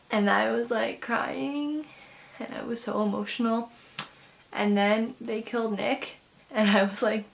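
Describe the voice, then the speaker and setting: A young woman talking casually to camera about a book she loved, gushing and excitable, with lots of fillers and quick runs of words. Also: on the high side, gravelly. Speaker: book vlogger. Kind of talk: casual book review vlog.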